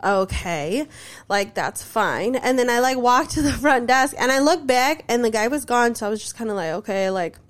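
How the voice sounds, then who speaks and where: Chatty higher-voiced woman telling a story. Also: lively intonation, normal speed. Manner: chatty, fills speech with "like", acts out quoted voices. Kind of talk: casual storytelling chat.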